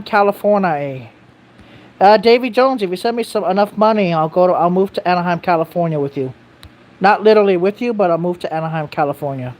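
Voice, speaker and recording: Rambling, blunt livestreamer. Reads chat aloud, restarts sentences, swears casually, mid-pitched voice. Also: a little mellow. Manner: rambling, self-correcting, reads viewer comments aloud. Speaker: live streamer answering viewer chat.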